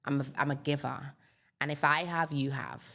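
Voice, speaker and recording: A woman's voice: low-pitched, fairly even intonation, moderate pace, creaky, a bit bright. A woman in her thirties, a singer and interview guest, talking openly and reflectively about her life. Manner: reflective, open, personal. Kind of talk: candid interview conversation.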